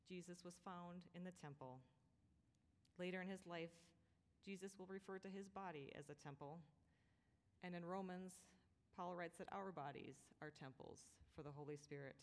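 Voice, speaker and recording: Woman pastor, low voice, gentle reflective sermon delivery, church hall with long reverb. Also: normal speed.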